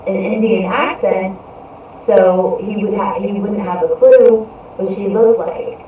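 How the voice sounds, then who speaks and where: Female podcast host, unhurried and rambling, mid-pitched, recorded off-mic in a very echoey room with faint noise. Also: dark tone. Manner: rambling, fills with "you know". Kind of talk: casual storytelling monologue. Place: indoors, live stream. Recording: roomy echo, distant from mic, faint noise.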